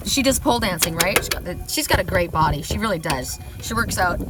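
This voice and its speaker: A woman's voice: fairly low pitch, lively intonation, fairly quick, recorded from a distance, heavy background noise. A middle-aged woman giving a casual oracle card reading, chatty, often laughing, whooping and swearing.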